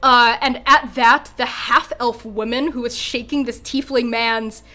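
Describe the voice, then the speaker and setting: Casting note: high-pitched woman running a tabletop game, lively narration. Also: unhurried. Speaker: game master.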